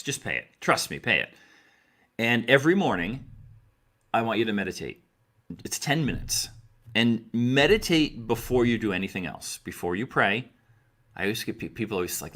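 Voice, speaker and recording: This middle-aged man has a lowish, slightly bright voice and offers earnest advice straight to camera. He coaches directly, repeating important phrases for emphasis.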